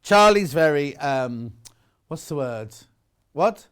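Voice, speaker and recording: A man's voice: on the high side, animated, slow pace, clear, resonant tone. A man presenting live shopping television, chatting and bantering with his co-workers. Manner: chatty, bantering, chuckling asides.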